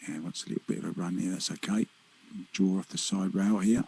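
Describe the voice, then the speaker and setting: Male color commentator for pool, low and raspy, laid-back quips between shots. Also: fairly quick, rough recording. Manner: relaxed, joking, short reactive remarks on play. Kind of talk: live sports commentary.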